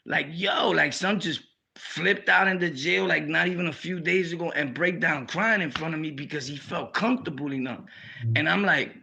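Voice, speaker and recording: A young man with a New York accent tells stories in a loose, slangy vlog style. His voice sits a bit high and sounds gravelly. It also has a bright edge, and he slips into animated voices as he talks. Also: normal speed. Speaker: YouTube storyteller. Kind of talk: casual storytelling vlog.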